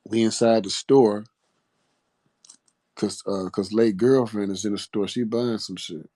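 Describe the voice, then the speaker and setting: A man's voice: fairly low pitch, steady tone, unhurried, mellow. A man telling a story in a laid-back, profane way, laughing often as he goes. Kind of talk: casual storytelling.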